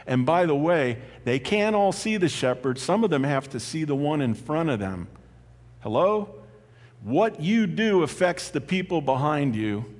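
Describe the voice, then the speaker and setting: Animated male pastor in echoey hall. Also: fairly high pitch. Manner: animated, conversational preaching with laughs and asides. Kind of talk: sermon. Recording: long hall reverb.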